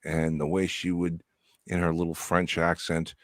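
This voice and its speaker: A man's voice: low voice, monotone, normal speed, no room sound, studio quality. A man co-hosting a casual livestream chat, joking and crude in a laid-back way.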